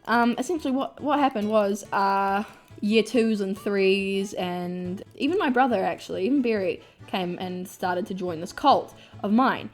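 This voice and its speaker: A young woman tells a storytime vlog, animated, laughing often and swearing freely. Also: medium pitch, measured pace, soft background music. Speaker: vlogger.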